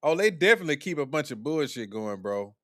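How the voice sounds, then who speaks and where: Mocking streamer man with a lively high voice. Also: fast talker. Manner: mocking, laughing, profane. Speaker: streamer host. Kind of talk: live stream reaction commentary.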